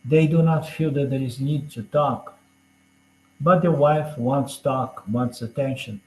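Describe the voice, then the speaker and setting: A man teaches a scripture class in a chatty, conversational lecture style, dropping in "you know?" and light jokes as he explains. His medium-pitched voice moves a little slowly and echoes in a roomy room.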